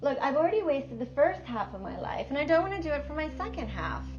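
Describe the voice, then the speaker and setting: A woman's voice: high-pitched, big pitch swings, fast talker, darkish tone, dull audio, faint music behind. A woman playing a fed-up forty-three-year-old woman. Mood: exasperated. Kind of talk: comedic short film monologue.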